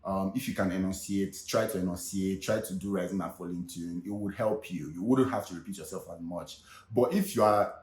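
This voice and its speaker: A Nigerian man with a fairly low voice talks to the camera in a relaxed, chatty way. He slips into Pidgin now and then, and the room around him is echoey. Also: a little fast. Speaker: vlogger. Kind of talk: casual vlog talk.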